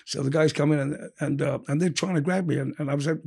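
A middle-aged man, talking fast and animatedly as an interview guest. His voice is gravelly and husky, and he peppers his stories with swearing. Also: fairly high pitch. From England. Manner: animated, profane, quick storyteller. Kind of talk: storytelling in casual conversation.

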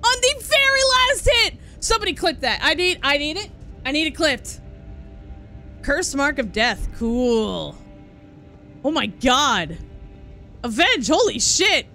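A woman streamer giving excitable, exclamatory live gameplay commentary, swearing freely. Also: high voice, slow pace, long pauses, faint music behind.

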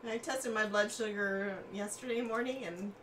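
A giggly woman co-hosting a live stream, chiming in with casual asides. Her voice is bright but sits a little away from the mic. A faint hiss runs beneath it. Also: medium pitch, fairly even intonation, moderate pace, recorded from a distance. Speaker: co-host.

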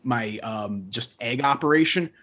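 A man's voice: medium pitch, unhurried, fairly bright tone. A man speaking as a guest in a casual panel discussion, explaining his costs thoughtfully with frequent restarts. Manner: thoughtful, restarts often, business-minded. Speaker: guest defending ducks.

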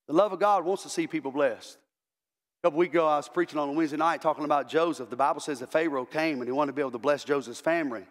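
A man's voice: a little high, quick pace, big-room sound. A male pastor preaching an impassioned sermon, repeating words as he builds to emphatic calls. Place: church sanctuary.

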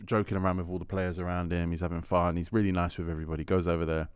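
A man's voice: low-pitched, flat delivery, rapid-fire, clean tone, dry recording, clean studio sound. A man hosting a casual podcast, telling stories and reading out audience questions in a laid-back way. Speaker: podcast host.

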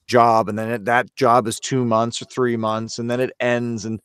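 A man's voice: medium pitch, flat delivery, moderate pace, fairly bright tone, clear, resonant tone, no room sound, clean studio sound. A man from Canada, a voice actor guest, talking earnestly and self-critically in a casual podcast interview.

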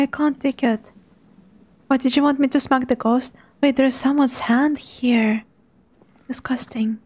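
A young woman, quietly commentating a live game stream in a hushed, soft voice. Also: high voice. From Russia. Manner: hushed, softly spoken to avoid making noise.

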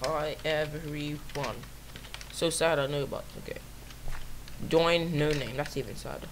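A woman with a rough voice giving casual, self-mocking commentary while playing a video game, often exclaiming at the action. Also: low voice, normal speed, slight background noise, poor audio. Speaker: gamer.

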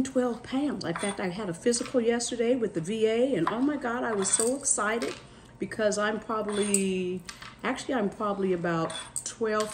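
A middle-aged woman talks straight to her viewers while she cooks, chatty and easygoing, at an ordinary middle pitch. She is in a home kitchen, and dishes and cutlery clatter faintly behind her. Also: slight background noise. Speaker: cooking vlogger. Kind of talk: casual chat while cooking.

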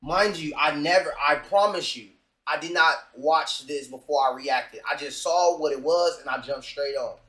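A man's voice: a little high, moderate pace, fairly bright tone, reverberant, rough recording. A man hosting a reaction video, talking bluntly and profanely straight to his viewers in a casual way.

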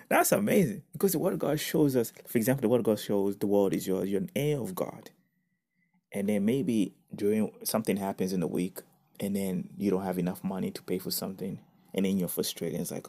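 Male preacher, casual devotional teaching, low-pitched, warm and mellow, earnest with emphatic bursts. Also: a little fast. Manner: earnest, animated bursts of emphasis, reads scripture aloud.

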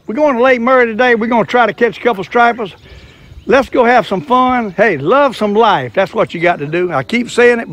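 A man's voice: high-pitched, a bit bright. An older man, talking in a folksy, chatty way as he hosts a casual fishing vlog outdoors by a lake. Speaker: fishing vlogger.

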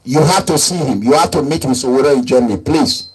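A man's voice: mid-range voice, brisk, breathy edge. A man hosting a live online call-in, pleading and repeating himself. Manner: pleading, repeats himself, switches into Nigerian pidgin. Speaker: online talk host. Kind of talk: live-streamed call-in talk.

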